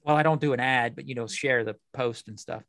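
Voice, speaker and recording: A man's voice: medium pitch, a little fast, vocal fry, fairly bright tone, no echo, studio quality. A man co-hosting a collectibles podcast, chatting and grumbling in an easygoing way. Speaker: podcast co-host. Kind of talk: casual chat.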